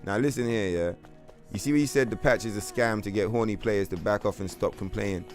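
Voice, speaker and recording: A man's voice: lowish voice, a little fast, faint music behind. Blunt London man streaming a game. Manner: blunt, profane, trollish banter. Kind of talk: casual livestream chat.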